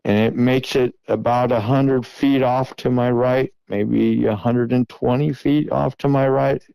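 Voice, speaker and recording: A middle-aged man earnestly retelling a tense encounter in the first person, now and then shouting out the calls he made. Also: mid-range voice, fairly even intonation, a little slow, gravelly, clear, resonant tone, no echo, poor audio. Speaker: guest recounting an encounter.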